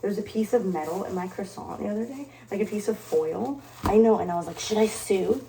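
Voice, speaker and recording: A woman's voice: medium pitch, lively intonation, fast talker, mellow. A young woman vlogging in casual chat to camera, rambling and jokey, mocking herself and swearing freely. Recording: roomy, distant, faint background noise.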